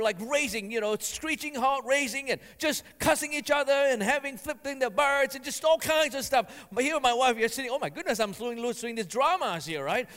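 High-voiced male pastor in a reverberant hall. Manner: animated, acts out quotes in raised voice; slow emphatic reading of scripture. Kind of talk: sermon.

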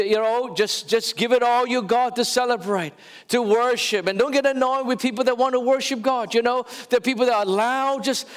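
High-voiced preacher in a reverberant church. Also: male voice. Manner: animated preaching, often stretching words and crying out louder; talks straight to the congregation, with fillers and restarts. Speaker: pastor. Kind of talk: sermon. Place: church sanctuary.

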